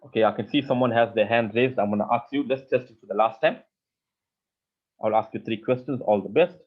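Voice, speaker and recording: A man's voice: medium pitch, fairly quick. A man teaches an online coding class, patiently walking through each step and circling back over his words. His voice sits in an ordinary middle register. The sound is thin and tinny, like a phone line. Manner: patient, step-by-step explaining, often repeats words. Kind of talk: live online coding lesson.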